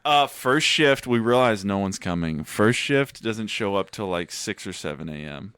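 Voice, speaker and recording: A man's voice: on the low side, normal speed, a little hiss or hum. A young man co-hosting a podcast, telling a long story in casual chat and acting out the people in it with a lot of swearing. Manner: animated storyteller who acts out quotes, swears a lot. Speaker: podcast co-host.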